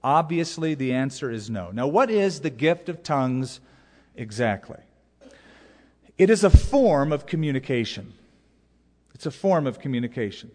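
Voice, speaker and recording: A man's voice: medium pitch, big pitch swings, normal speed, long pauses, darkish tone. A man, a pastor, preaching a sermon with emphatic, repeated key phrases. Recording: long hall reverb.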